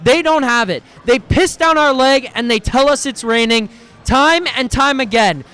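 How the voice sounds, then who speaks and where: A man with a strikingly high voice hosts a live post-game reaction stream. He rants hard and swears freely, sounding exasperated, and keeps stumbling into restarts as his frustration boils over. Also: normal speed, bright, forceful tone, smooth. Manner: heated, profane and exasperated, with repeated stammering restarts.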